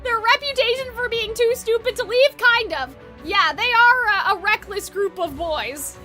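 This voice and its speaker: A young woman streaming a story game, reacting in an animated, blunt way and swearing freely. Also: very high-pitched, normal speed, soft background music.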